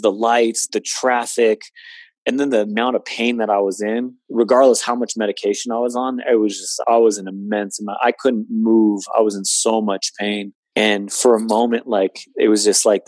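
In a lowish, slightly mellow voice with no echo, a man in his twenties, late twenties, earnestly tells a personal story as a guest in conversation. His telling is full of fillers.

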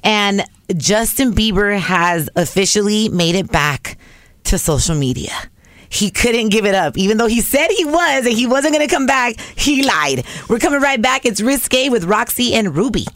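Chatty raspy-voiced woman podcast host. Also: mid-range voice, lively intonation, normal speed, a bit bright, no room sound. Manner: chatty, switches into Spanish phrases, laughs often. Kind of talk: casual chat.

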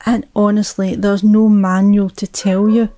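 Woman, mother, personal storytelling, reflective, hushed whispers, mellow, slow. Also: medium pitch, little pitch movement.

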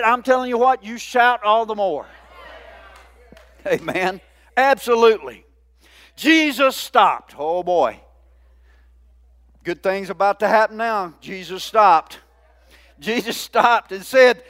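A man preaching a sermon, drawing out key words and calling for the congregation's response. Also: extremely high pitch. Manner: call-and-response preaching, drawn-out emphasis. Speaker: pastor.

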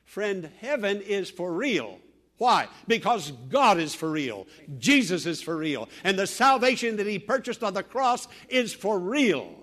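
An older man preaching a sermon as pastor, emphatic, with loud declarations that drop to hushed storytelling. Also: high voice, big pitch swings, a little slow.

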